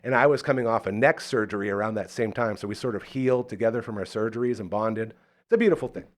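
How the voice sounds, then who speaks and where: A man's voice: lowish voice, fast. Guy hosting a live show, chatty, tells stories with lots of energy and does little voices. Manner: animated storyteller, acts out the voices in his stories. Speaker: radio show host. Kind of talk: casual live talk-show chat.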